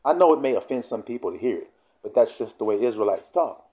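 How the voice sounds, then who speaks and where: A man teaching from the Bible, who reads verses slowly and then explains them in blunt, profane slang. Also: mid-range voice, lively intonation, mellow. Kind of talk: casual scripture teaching video.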